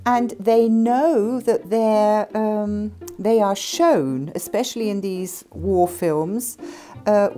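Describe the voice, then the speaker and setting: A woman's voice: mid-range voice, slow, few pauses, warm tone. A woman who tutors English, explaining her views thoughtfully in an interview. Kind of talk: interview answers.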